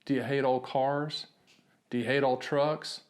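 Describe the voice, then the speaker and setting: An American man speaking straight to camera at a middle pitch. He talks in a brash, punchy salesman style, firing off rhetorical questions and telling stories from his speaking events. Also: little pitch movement, measured pace. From United States. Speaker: annuity agent hosting his own video channel. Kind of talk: direct-to-camera explainer with anecdotes.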